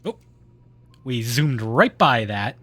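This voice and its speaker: A man's voice: medium pitch, very animated, takes it slowly, a bit bright, slight background noise. A man streaming live gameplay, chatting and laughing often, trailing off mid-sentence.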